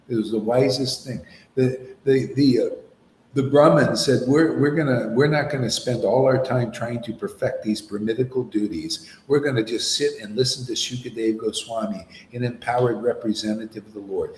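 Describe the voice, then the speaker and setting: A man giving an informal sermon as a spiritual teacher, animated and argumentative, mocking opponents in put-on voices. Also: mid-range voice, normal speed, echoey room, a little hiss or hum.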